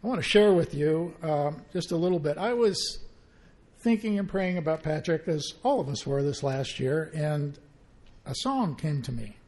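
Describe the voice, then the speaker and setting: A man speaking hesitantly at a faith gathering, halting often with filler sounds. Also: on the high side, animated, a little mellow. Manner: hesitant, halting, many pauses. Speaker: family member speaking at a gathering. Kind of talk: personal sharing at a faith gathering.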